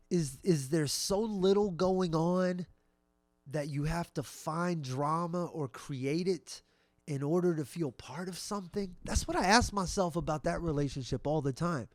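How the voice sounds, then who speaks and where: A man's voice: on the high side, no room sound. Wry middle-aged man, dry close sound. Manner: wry, conversational, trailing off and restarting. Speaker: comedian and podcast host. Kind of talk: solo comedic monologue.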